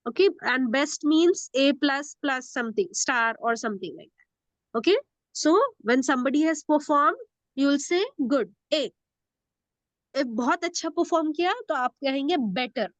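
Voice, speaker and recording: A woman teaches English grammar in a classroom lesson, her high-pitched voice quick and the recording dry. Patient and repetitive, she repeats words, checks in with "okay?" often, and slips into Hindi.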